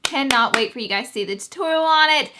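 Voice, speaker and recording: A woman's voice: sits high, lively intonation, fast talker, sharp tone. A young woman chatting through a casual makeup tutorial, bubbly and gushing as she talks. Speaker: beauty YouTuber.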